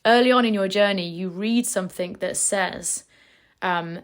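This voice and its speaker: A woman's voice: mid-range voice, moderate pace, smooth. A woman hosting a motivational podcast as a business coach, talking emphatically and energetically with casual swearing.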